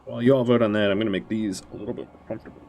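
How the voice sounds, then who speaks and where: A man's voice: on the low side, steady tone, very fast, mellow. A man streaming a strategy game on a headset mic, thinking aloud about his choices with dry, self-mocking jokes. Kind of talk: let's play commentary.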